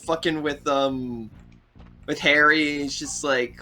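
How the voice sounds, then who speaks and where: Co-hosting a game stream, a man chats casually and tells stories with plenty of energy, laughing often. His voice is fairly high and slow-paced, with a little hiss or hum in the recording.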